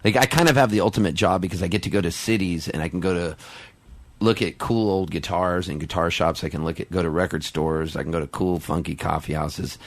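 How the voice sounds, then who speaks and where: A middle-aged man, a musician guest in a casual radio interview, talking in an excitable, rambling way with quick restarts. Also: low-pitched.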